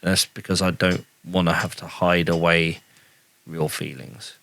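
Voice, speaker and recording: A man's voice: sits low, flat delivery, unhurried, creaky, bright, forceful tone. A man hosting a podcast, chatting casually in a joking, self-deprecating way. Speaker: podcast host.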